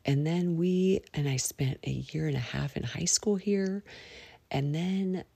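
Low gravelly woman, rambling podcast chat. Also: unhurried, warm tone, no echo. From United States. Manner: rambling and chatty, often dropping to a near whisper; prayerful asides to God. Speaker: podcast host. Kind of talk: casual podcast monologue.

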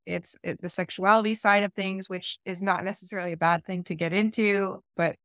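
A woman's voice: medium pitch, steady tone, brisk, no echo. A young woman from Eastern Ontario co-hosting a podcast, talking in a rambling, self-correcting, conversational way. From Eastern Ontario, Canada. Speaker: podcast co-host. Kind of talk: casual podcast discussion.

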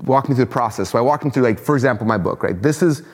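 A man telling a quick, excited story as a podcast guest, laughing often. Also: medium pitch, big-room sound. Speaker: podcast guest, company founder. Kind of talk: casual storytelling in a podcast chat.

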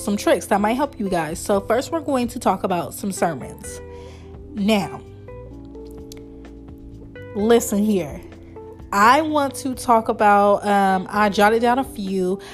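A woman in her early thirties hosting her own podcast, talking in a chatty, rambling, heartfelt way and laughing often. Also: mid-range voice. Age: 30s. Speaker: podcast host. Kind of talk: casual solo podcast chat.

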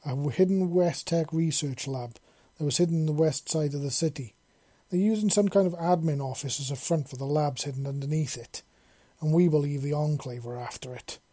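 A man reading as a gruff foul-mouthed paladin. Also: on the high side, brisk, few pauses, lightly acted. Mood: grim. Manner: swearing, forceful briefing.

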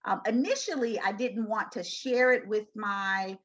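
A woman's voice: mid-range voice, unhurried, fairly bright tone, husky, lo-fi sound. A middle-aged woman telling her story as an interview guest, earnest and conversational. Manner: earnest, storytelling, acts out quoted voices. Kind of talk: personal testimony interview.

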